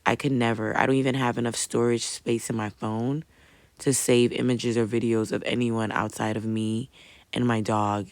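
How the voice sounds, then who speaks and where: A woman's voice: extremely low pitch, vocal fry. A woman from Brooklyn, telling a story in a casual, blunt, profane, rambling way. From Brooklyn, New York. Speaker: vlogger.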